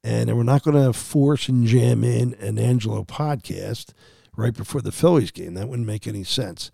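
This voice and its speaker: Gravelly sports podcast host. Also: male voice, medium pitch, moderate pace, warm tone, dry recording, studio quality. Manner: rambling, with frequent fillers and restarts. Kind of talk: casual sports talk monologue.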